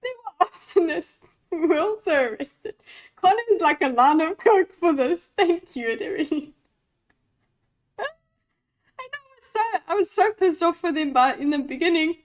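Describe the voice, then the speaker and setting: A woman's voice: extremely high pitch, animated, normal speed, poor audio. A woman streamer giving live reaction commentary on a debate, giddy and laughing through her words, swearing casually.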